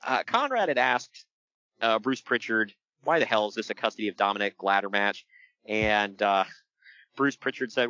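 A man co-hosting a podcast, recapping wrestling matches in casual chat, animated and laughing often. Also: lowish voice, normal speed, no echo, lo-fi sound. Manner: animated, laughs often, breaks into loud impressions. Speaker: podcast co-host.

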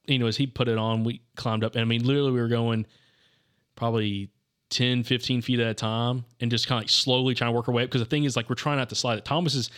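A young man with a medium-pitched, fairly bright voice hosts a podcast and tells a hunting story. The chat is loose and rambling, and he says "dude" and "like" constantly.

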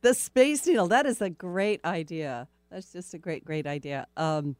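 A middle-aged woman hosts a radio show from a studio, talking in a loose, chatty way with frequent laughs. Her voice sits on the low side, and the studio mic gives a close, dry sound. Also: normal speed, no echo. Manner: chatty, laughs easily, rambling. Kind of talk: casual radio chat. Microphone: studio microphone.

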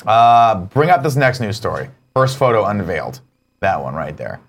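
A man's voice: lowish voice, sing-song, normal speed. A man co-hosting a casual morning show, talking animatedly, swearing freely and acting out movie quotes. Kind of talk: casual chat.

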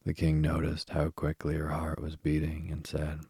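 A man reading a fairy tale aloud at a slow, even pace. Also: a bass voice, vocal fry, slightly rough, no echo. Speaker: narrator. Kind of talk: storybook reading.

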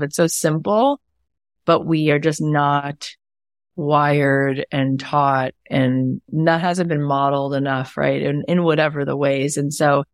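A woman in her thirties with a deep voice hosts a casual interview chat in studio quality, with no room sound. She's enthusiastic and chatty, full of fillers like "you know" and "like."

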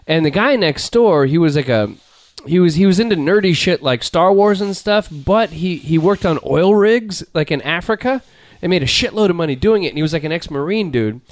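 Animated, high-voiced man swearing through stories. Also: a little fast, no echo. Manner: animated, profane storyteller. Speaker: podcast co-host. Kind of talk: casual chat. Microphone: studio mic.

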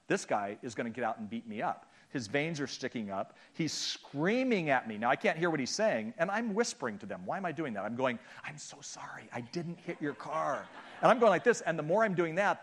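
A middle-aged man speaking to a church audience, telling a humorous, self-deprecating story and acting out the people in it. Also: mid-range voice. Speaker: guest speaker and author. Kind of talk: storytelling sermon talk.

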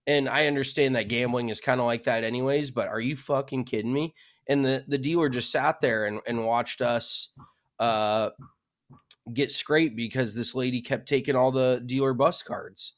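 A young man co-hosting a podcast in relaxed, chatty conversation. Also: mid-range voice, moderate pace. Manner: relaxed and chatty, frequent fillers. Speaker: podcast co-host. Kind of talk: casual chat.

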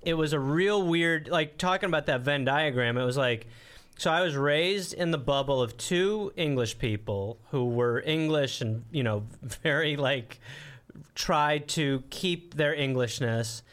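A man from Wisconsin in casual comedic chat, animated and slipping into quick mocking voices. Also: fairly high pitch. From Wisconsin, USA. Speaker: podcast guest.

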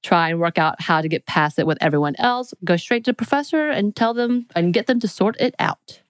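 A woman's voice: medium pitch, lively intonation, fairly quick, smooth, dry recording. A woman co-hosting a podcast, reading out quiz questions in a playful, teasing way. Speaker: podcast co-host. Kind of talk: casual chat.

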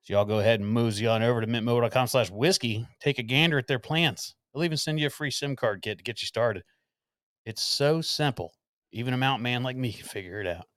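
A man's voice: mid-range voice, fast, a bit bright, no echo, natural voice. A man reading an ad as a folksy Appalachian mountain man, in close to his own voice with playful emphasis. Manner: reads the ad text aloud with folksy wording and playful emphasis.

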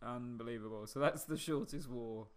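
A man's voice: medium pitch, moderate pace, a crowd in the background. A man co-hosting a casual news podcast, laughing and swearing with sardonic humour. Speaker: podcast co-host.

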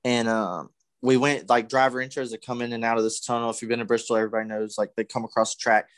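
A young man co-hosting a casual podcast chat, telling stories excitedly with loud acted-out yells and plenty of swearing. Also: mid-range voice, fast talker, clean tone, no echo. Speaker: podcast co-host.

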